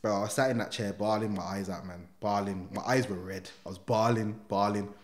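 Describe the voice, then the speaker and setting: A man's voice: lowish voice, steady tone, fairly quick. A young man, a former gang member, telling his life story in a casual interview, full of slang and acted-out quotes. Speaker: guest, former gang member turned motivational speaker.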